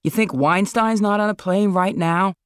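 An author reading a story aloud and voicing a blunt, irreverent man who talks gruffly and dismissively. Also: medium pitch, normal speed, no echo, clean studio sound, voice pushed up, close to an everyday voice. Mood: scoffing.

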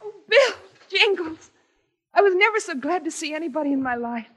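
An actress playing an anxious, devoted young ranch daughter in a 1950s radio western, speaking in an earnest, anxious way. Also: female voice, very high-pitched, animated, a little fast, noisy background.

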